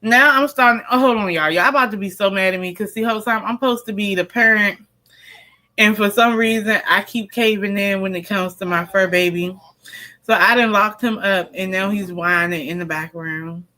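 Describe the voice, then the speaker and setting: A woman's voice: mid-range voice, normal speed, bright, forceful tone, poor audio. A woman hosting a casual live stream, talking straight to her viewers and to her pet. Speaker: tarot reader and live stream host. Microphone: computer or phone mic during a live stream.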